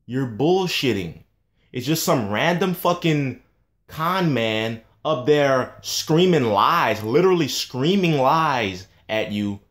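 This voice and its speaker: A man in a casual monologue, ranting in a heated, scornful and profane way. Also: medium pitch.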